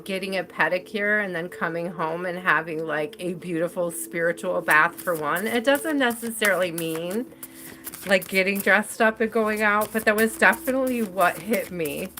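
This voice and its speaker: A woman's voice: lowish voice, moderate pace, sharp tone. Chatty, giggly woman reading tarot. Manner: chatty, giggly, addresses viewers by name. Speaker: tarot reader. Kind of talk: live tarot reading for viewers.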